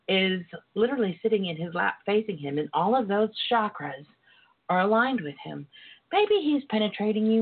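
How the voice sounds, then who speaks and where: A woman's voice: fairly low pitch, breathy edge. A woman guest on an interview show, talking in an earnest, emotional way and calling her listeners darlings. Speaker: guest author and sex educator. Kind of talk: casual call-in interview talk. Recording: tinny phone line.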